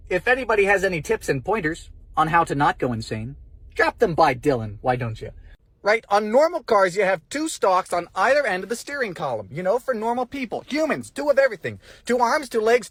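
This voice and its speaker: Husky, animated man ranting. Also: high voice, moderate pace, no echo. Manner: exasperated, profane and theatrical. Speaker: comedy content creator. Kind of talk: comic rant to camera.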